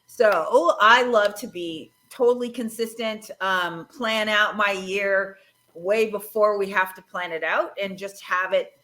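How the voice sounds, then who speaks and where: A woman's voice: mid-range voice, measured pace, sharp tone, poor audio. A woman marketing strategist speaking on a casual panel, playful with folksy exclamations.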